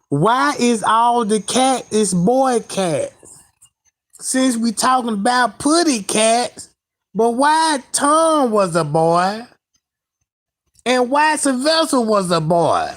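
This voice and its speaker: Guy ranting slow and swoopy at his viewers, lots of slang, gets fired up. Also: very high voice, animated, a bit bright. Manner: slangy, heated, addresses viewers as y'all. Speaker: online commentator. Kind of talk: profane reaction commentary.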